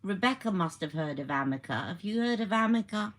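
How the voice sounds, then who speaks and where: A woman's voice: medium pitch, animated, fairly quick. A woman hosting a casual beauty live stream, chatting about products and reacting to viewer comments as she goes.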